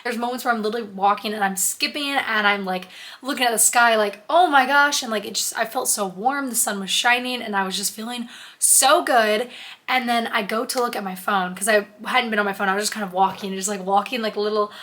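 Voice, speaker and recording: A woman's voice: mid-range voice, fairly quick, bright, forceful tone. A young woman vlogging in a chatty, gushing, earnest way, full of "like". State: emotional, close to tears. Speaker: lifestyle vlogger. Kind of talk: casual vlog chat.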